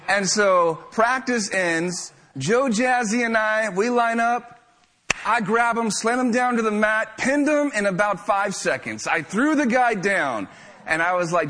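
A young man telling a lively, self-mocking story to a live audience. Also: sits high, measured pace.

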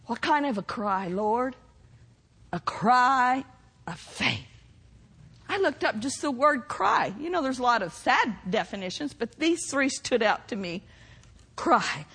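Fervent woman preacher with a very high voice. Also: very animated, slow pace, breathy edge, big-room sound. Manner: fervent, shouts proclamations, exclaims hallelujah. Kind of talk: sermon.

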